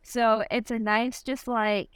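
A woman's voice: a little high, level tone, slow, clean tone, no echo. A young woman from Michigan with a Michigan accent, chatting casually as a podcast guest, upbeat and laughing often. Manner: upbeat, giggly, many likes. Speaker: guest athlete.

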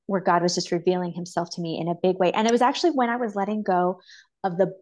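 A mother who is a podcast guest, sharing a personal faith story in an earnest, openly emotional way and laughing softly between thoughts. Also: fairly low pitch, steady tone, fast talker. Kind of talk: personal faith testimony in casual chat.

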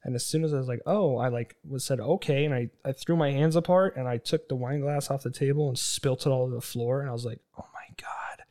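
A man's voice: mid-range voice, fast talker, few pauses, mellow. A young man in his twenties telling rambling, profane stories in casual chat, acting out the people he quotes.

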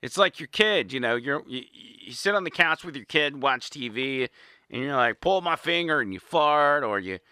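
Bright-voiced indignant male commentator. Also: fairly high pitch, dry recording, clean studio sound. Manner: indignant, sarcastic. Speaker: political commentator. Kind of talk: opinionated monologue. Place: small home studio.

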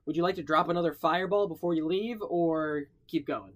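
A young man narrates a tabletop game as its game master, in a fairly high voice. He improvises in a casual way and swears freely. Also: a little fast, few pauses, fairly bright tone.

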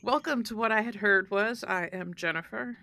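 A woman's voice: medium pitch, moderate pace, gravelly, sharp tone, no room sound, clean studio sound. A woman hosting a podcast, welcoming her guest and chatting casually. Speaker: podcast host. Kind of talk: casual chat.

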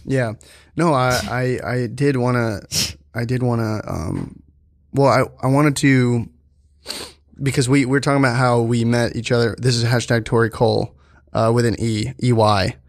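A man hosting a casual podcast, joking and rambling with halting restarts. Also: mid-range voice, steady tone, dry recording, studio quality. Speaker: podcast host.

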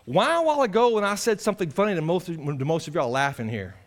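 A male pastor preaching an animated, impassioned sermon. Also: on the high side, fast talker. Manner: animated, impassioned, acts out voices of others.

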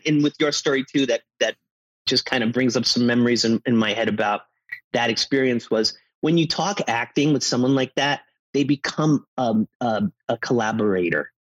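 A man in his fifties, an actor, chatting casually and telling animated stories. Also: mid-range voice, brisk, no echo, poor audio. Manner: animated storyteller, acts out quotes. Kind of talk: casual chat.

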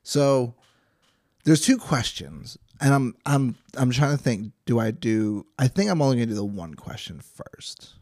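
A man's voice: mid-range voice, expressive, a little slow, darkish tone, no room sound, studio quality. A young man hosting a Bible study podcast, reading scripture and chatting casually with jokes and frequent restarts. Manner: chatty, jokey, self-interrupting.

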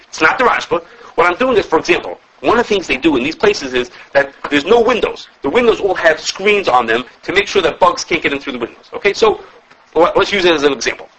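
Brisk, lively male Torah teacher. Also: high voice, creaky, husky, low-quality recording. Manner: animated, explains with repeated restarts and checking questions. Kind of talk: classroom Talmud lesson.

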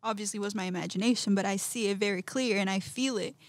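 A woman, a podcast guest, telling a personal story in an animated way, acting out quotes and laughing often. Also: medium pitch, fast, dry recording.

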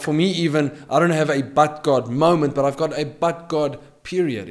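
Emphatic male preacher, loud then hushed. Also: fairly high pitch. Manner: emphatic, repeats key phrases, swings between loud and hushed. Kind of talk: podcast sermon.

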